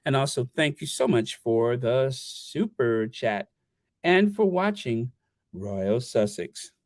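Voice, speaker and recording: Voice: mid-range voice, expressive, slow pace, darkish tone, no room sound, studio quality. A livestream host chatting casually, rambling and stammering while reading viewer messages aloud.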